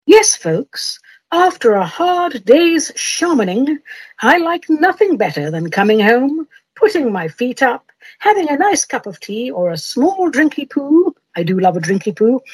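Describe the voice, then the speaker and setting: A playful woman hosts her podcast, joking at her own expense and reading comic rhymes. Her voice is a little high and breathy and rises and falls a lot. She takes her time over every line, and the sound is close and dry. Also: no echo, rough recording. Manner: whimsical, self-mocking, jokey. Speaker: podcast host.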